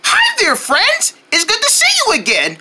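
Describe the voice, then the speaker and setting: A woman voicing a cheerful, excitable young boy who talks straight to child viewers in a sing-song way. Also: very high voice, normal speed, very noisy, heavily acted. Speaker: children's show character. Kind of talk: children's cartoon voice acting.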